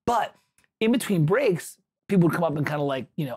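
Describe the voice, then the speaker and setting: A man's voice: a little high, lively intonation, fairly quick. A man hosting a livestream, chatting casually, telling a rambling anecdote with self-corrections and answering viewers' chat.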